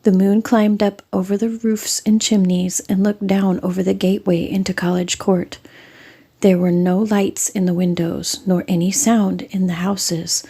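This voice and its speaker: A woman narrates a classic storybook in a soft, half-whispered voice. Her tone is mellow and relaxed. There is a breathy softness to every line. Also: medium pitch, a little slow. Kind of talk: storybook reading.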